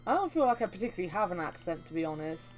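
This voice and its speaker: A woman's voice: lowish voice, very animated, very fast, slight background noise. A woman from England streaming a video game, chatting casually and bantering in a teasing, playfully indignant way. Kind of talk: casual chat while playing a game.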